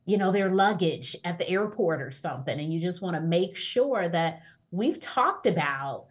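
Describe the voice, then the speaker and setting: A woman author as interview guest, giving calm, reflective advice. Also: fairly low pitch, normal speed. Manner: calm, reflective, gently advising.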